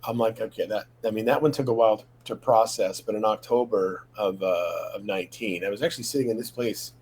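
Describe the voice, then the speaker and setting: A man's voice: on the low side, a little fast, a little mellow, a little hiss or hum, low-quality recording. Rambling middle-aged man telling his story. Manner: rambling, many fillers, acts out quoted dialogue. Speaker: guest sharing testimony. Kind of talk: casual personal storytelling. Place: his home office.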